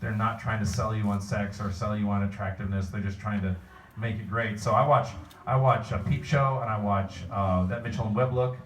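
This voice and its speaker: A man's voice: lowish voice, fairly even intonation, fairly quick. A man, a voice actor, chatting at a convention panel Q&A, rambling and restarting his sentences often. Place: convention hall. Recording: echoey hall, distant mic, faint room noise.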